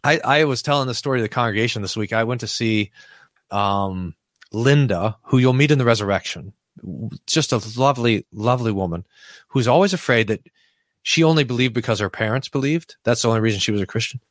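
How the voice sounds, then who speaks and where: A man's voice: mid-range voice, a little fast, dry recording, studio quality. Reflective male pastor telling stories. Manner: storytelling, reflective, frequent restarts. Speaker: pastor, guest. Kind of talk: conversational podcast interview.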